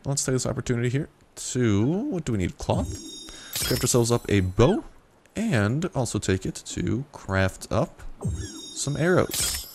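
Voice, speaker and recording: A man's voice: on the low side, creaky, a little mellow, a little hiss or hum. A young man casually commentating a survival game, playful and joking with profane asides. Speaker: gameplay commentator. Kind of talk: casual let's-play commentary.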